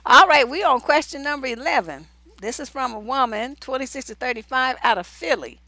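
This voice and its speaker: A woman's voice: sits high, brisk, pushed and bright, no room sound. A woman hosting a relationship advice livestream, reading viewer letters aloud and cutting in with blunt, casual, profane remarks.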